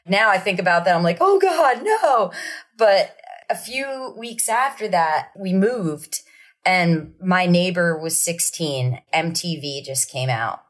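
Speaking a little slowly in a fairly low-pitched voice, a woman musician shares lively, casual anecdotes on a podcast. She brings the people in her stories to life by acting out their quotes.

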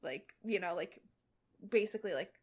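A woman's voice: medium pitch, lively intonation, moderate pace. A young woman podcast host reading fan fiction aloud and chatting, hesitant with many fillers and restarts. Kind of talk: reading aloud and casual chat.

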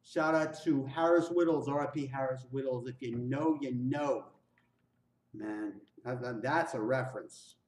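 A man hosting a music reaction, excitedly repeating lyrics back and exclaiming. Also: mid-range voice, unhurried, echoey room, far from the mic. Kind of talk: casual reaction commentary.

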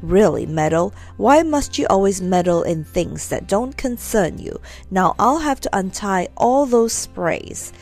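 A woman's voice: medium pitch, lively intonation, a little slow, a little mellow, faint music behind. Prim fussy housewife, cross and proper, storybook, woman voicing her.

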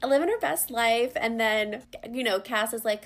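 A woman's voice: on the high side, normal speed. A woman co-hosting a book podcast, blunt and laid-back in casual chat. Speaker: podcast co-host.

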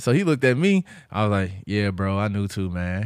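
Man, podcast host, lowish voice, casual storytelling, dry close mic. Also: normal speed, few pauses, smooth, no room sound. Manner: animated retelling, acts out quoted voices.

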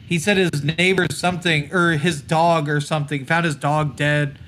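A man's voice: fairly high pitch, steady tone, moderate pace, a bit bright, a little hiss or hum. A man co-hosting a podcast, making crude jokes and swearing freely. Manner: crude, jokey, profane. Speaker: podcast co-host. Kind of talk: casual chat.

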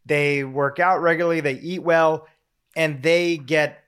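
A man co-hosting a podcast, reading out listener questions and asking follow-ups in a measured, unhurried way. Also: on the high side, steady tone, fairly bright tone, clean tone. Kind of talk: casual podcast moderation.

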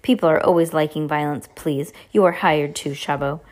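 A woman's voice: low voice, fairly even intonation, moderate pace, voice pushed down. A woman voicing a bossy foreign fortune-teller who speaks broken English and tacks "please" onto her orders. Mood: commanding.

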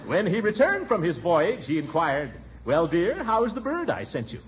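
Pompous flustered official, stammers, chuckles, voice bounces all over, muffled old radio sound. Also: male voice, sits high, wildly swooping pitch, normal speed, a little hiss or hum. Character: blustering flustered middle-aged male official. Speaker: pompous small-town official. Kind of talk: 1940s radio acting. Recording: dull old radio recording.

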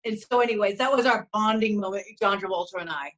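A woman co-hosting a talk show, telling fan stories in a gushing, animated way. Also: mid-range voice, quick pace, rough recording. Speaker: co-host. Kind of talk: casual chat.

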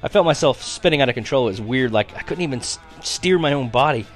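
A man narrating a first-person story with lively, expressive delivery. His voice sits at an everyday middle pitch and carries a youthful feel. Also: quick pace, soft background music. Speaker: audiobook narrator.

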